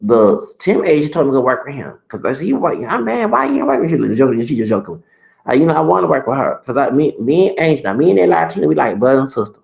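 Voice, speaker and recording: A man's voice: medium pitch, lively intonation, quick pace, gravelly, darkish tone, roomy sound, muffled recording. A man in his late thirties telling a personal story in a sassy, profane rant full of restarts. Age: late 30s. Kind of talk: ranting casual storytelling.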